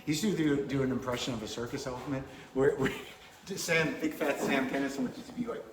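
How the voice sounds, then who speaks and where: A man's voice: mid-range voice, fairly even intonation, brisk. A man, a comedian, telling stories in a wry, dry, rambling way during a casual chat. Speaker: comedian guest. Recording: echoey room with crowd noise.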